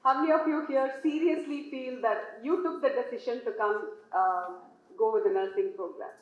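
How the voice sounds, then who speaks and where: A woman's voice: on the high side, moderate pace. Woman speaking in an echoey hall. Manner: polls the audience, coaxing. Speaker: guest speaker. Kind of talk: motivational talk to nurses. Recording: echoey hall, dull lo-fi sound.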